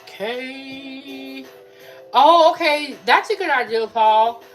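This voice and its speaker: A young adult woman with a voice that sits high speaks slowly over soft background music. She hosts a casual cooking livestream from her home kitchen, chatting as she cooks and reading out and answering live chat comments.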